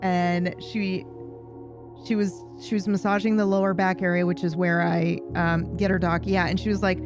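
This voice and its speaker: A woman streamer chatting casually with her viewers, telling a rambling, animated story full of swearing. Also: on the low side, moderate pace, over music. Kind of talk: casual chat with viewers while gaming.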